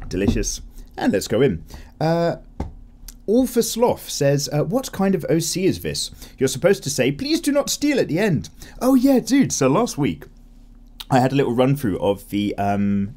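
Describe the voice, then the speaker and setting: A young man chats easily while he sketches, drifting from one thought to the next and correcting himself as he goes. His voice sits at a middling pitch but swings up and down freely, giving a relaxed, animated feel. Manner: chatty, rambling, self-correcting with laughs. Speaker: art channel host. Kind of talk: casual chat while drawing.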